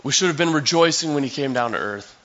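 A man's voice: fairly high pitch, lively intonation, quick pace, fairly bright tone, lo-fi sound. A male pastor giving a sermon in a conversational, storytelling way, acting out scenes for his listeners.

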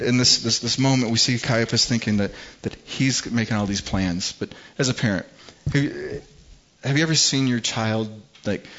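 A man's voice: mid-range voice, a bit bright. A middle-aged man preaching as a pastor in a conversational style, with frequent repetitions and acted-out quotes. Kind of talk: sermon. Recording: slightly dull, muffled sound.

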